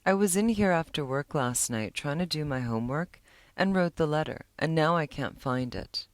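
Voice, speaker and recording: A woman's voice: low-pitched, lively intonation, dry recording. Woman reading as a lonely teenage boy. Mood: pleading. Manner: slow, earnest reading.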